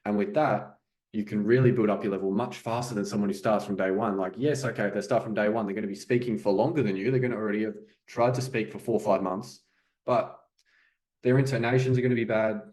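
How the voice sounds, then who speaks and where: A French coach talks casually to viewers about learning the language, speaking fast with frequent fillers like "okay" and "you know." His voice is on the low side, a little mellow, and fairly even in intonation. The sound is roomy.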